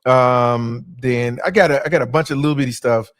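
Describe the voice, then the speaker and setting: A man's voice: medium pitch, normal speed, no echo, clean studio sound. A man, a comedian guest talking in a laid-back, joking way in a casual interview.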